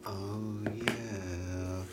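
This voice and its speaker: A man's voice: on the low side, fairly even intonation, drawn-out words, heavy background noise. A man hosting a live trading card break, chatting and joking with viewers as he calls out cards. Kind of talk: casual live box break chat. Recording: loud crinkling of card wrappers.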